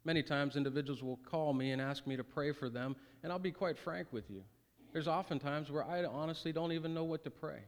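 A pastor giving an earnest, conversational sermon with folksy asides. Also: male voice, fairly high pitch, a little fast. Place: church sanctuary. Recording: reverberant church sanctuary.

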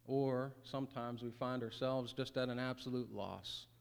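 A man's voice: medium pitch, fairly even intonation, moderate pace, vocal fry, clear, resonant tone. Man preaching in a reverberant sanctuary. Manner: earnest, conversational preaching with folksy asides. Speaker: pastor. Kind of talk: sermon. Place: church sanctuary.

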